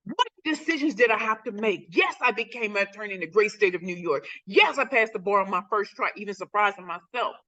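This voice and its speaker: A woman in her forties from St. Louis talks fast with hardly any pauses, her medium-pitched voice expressive, pushed and bright. She's a guest speaker on a video call sharing a motivational life story, emphatic and repeating phrases for effect. The recording is muffled.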